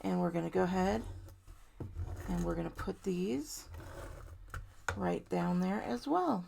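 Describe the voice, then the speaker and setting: Female craft tutorial host, low gravelly voice, casual and conversational. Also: expressive, measured pace, slight background noise. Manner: chatty, warm-hearted, talks to viewers directly. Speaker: card-making tutorial host. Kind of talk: casual step-by-step crafting demo.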